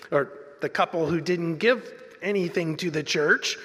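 A man's voice: fairly high pitch, measured pace, sharp tone. A male pastor delivering an earnest, conversational sermon in a church, sometimes restarting his phrases. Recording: long reverb in a large hall.

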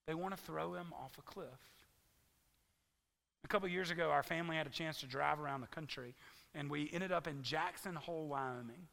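A man preaching a sermon as pastor, animated, acting out the townspeople's words as he tells the story. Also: fairly high pitch, brisk, creaky. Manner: animated storytelling preacher, voices the crowd's lines. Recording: long reverb of a large hall.

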